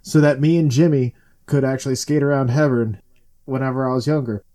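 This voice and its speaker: A young man chatting casually, telling a story with lively acted-out quotes. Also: mid-range voice, a little fast. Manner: animated storyteller acting out quotes. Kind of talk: casual chat.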